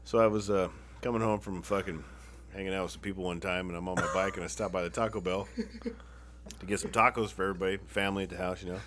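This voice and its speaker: Deep yet fairly bright, his voice stays steady as he talks fast over slight background noise. This Phoenix-area man entertains friends with wild, profanity-laced stories, cracking himself up as he tells them.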